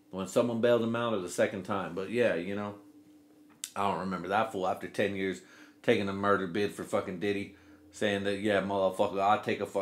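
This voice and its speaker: Profane rambling comedy podcast man. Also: on the low side. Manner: loose, profane, rambling, acts out quotes in silly voices. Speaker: podcast host.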